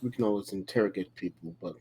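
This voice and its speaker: A man playing a tabletop game, speaking in a halting, cautious way while planning. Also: sits low, mellow, slight background noise, poor audio. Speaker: player.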